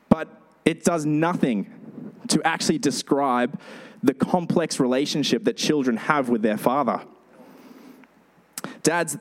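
A male pastor giving a sermon, telling lively stories with animated delivery. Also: mid-range voice. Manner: storytelling, animated.

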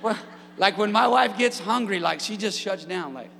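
A man preaching a sermon as pastor, energetic with humorous asides and building to shouted peaks. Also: high voice, moderate pace, gravelly, in a large hall, a little hiss or hum. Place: church sanctuary.

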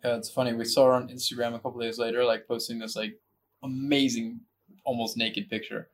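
Relaxed man chatting on a podcast. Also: mid-range voice, fairly quick, a little hiss or hum. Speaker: podcast co-host. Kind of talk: casual chat.

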